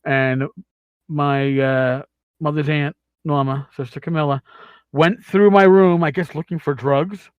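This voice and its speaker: A man's voice: fairly high pitch, fairly even intonation, a little slow, clear, resonant tone, no echo, phone-quality sound. A man with a Queens, New York accent hosting a podcast, telling profane, rambling stories in casual chat. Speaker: podcast host.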